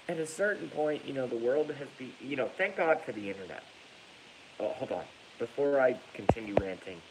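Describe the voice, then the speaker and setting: A man rants angrily on a livestream, swearing often and breaking into laughter as he reads viewer comments. His voice is on the low side, with a noisy background.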